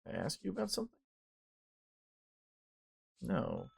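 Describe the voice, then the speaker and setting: A man's voice: on the high side, wildly swooping pitch, measured pace, vocal fry, a little mellow, husky. A man giving casual, offhand commentary while playing a game, swearing now and then. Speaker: gamer.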